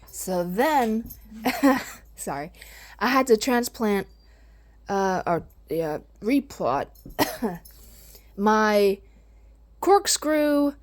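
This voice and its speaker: A woman talking casually about her plants in a vlog, gushing and excitable, with a chatty, rambling manner. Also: medium pitch, extremely slow, pauses often. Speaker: vlogger.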